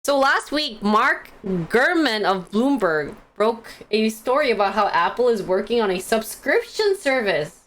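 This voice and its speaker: Lively, giggly young woman streamer. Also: on the high side, measured pace, few pauses. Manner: chatty, giggly, reacts to chat. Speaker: stream host reading stock news. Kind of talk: casual live-stream chat.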